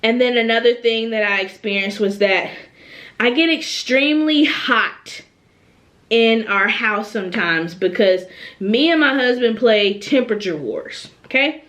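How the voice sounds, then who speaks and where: Chatty young woman, rather high voice. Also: a little slow. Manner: chatty, animated, repeats phrases and tags "okay?". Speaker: vlogger. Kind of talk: casual chat to camera. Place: at home.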